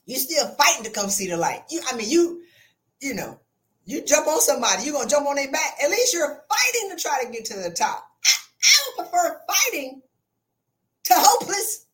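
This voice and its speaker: Speaking a little fast, this woman hosts a motivational podcast as a life coach. Her monologue is blunt, colloquial and sassy, addressing listeners as "sis," with big animated swings in pitch and loudness for emphasis.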